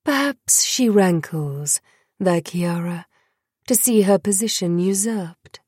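A woman's voice: on the low side, expressive, slow pace, darkish tone, breathy edge, dry recording, studio quality, full character voice. A woman voicing a cruel, haughty vampire broodmother who taunts in silky, old-fashioned speech. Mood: sly.

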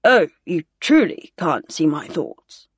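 Wry male commander, deadpan teasing, a woman reads him, lower voice, dry sound. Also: slow, slightly rough, no echo, heavily acted.

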